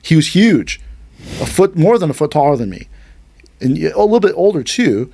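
His voice is on the high side, creaky and husky, moving at a normal speed with no echo. He's an aikido instructor hosting a martial arts podcast, telling a story in casual conversation and vividly acting out the quoted voices.

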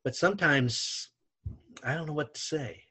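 An older man, a retired basketball coach, telling lively anecdotes in a conversation, his voice rising when he retells shouting matches. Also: fairly high pitch, measured pace, slightly rough. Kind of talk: storytelling in conversation.

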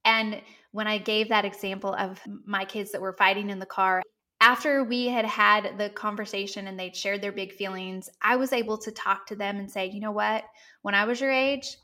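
Bright-voiced earnest woman author. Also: mid-range voice, fairly even intonation, normal speed. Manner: earnest and reflective. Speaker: guest author. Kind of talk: podcast conversation.

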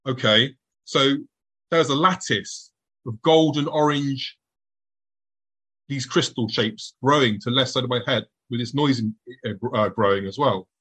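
A middle-aged man telling a tense personal story to an audience, acting out his past thoughts in a hushed voice. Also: medium pitch, unhurried, breathy edge, poor audio.

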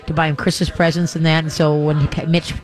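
A chatty radio host, a man with a voice a bit higher than most men's. He rambles in a folksy way and slips into playful voices for dogs and their owners. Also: level tone, fast. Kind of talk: live call-in radio chat. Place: live broadcast at a pet store.

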